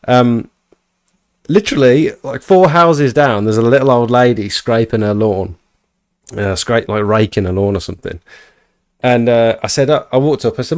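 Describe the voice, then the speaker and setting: A man speaks a little fast as he hosts a podcast, telling a story in casual chat. Animated, he acts out quotes with his voice jumping up in pitch. The sound is clean studio audio without echo.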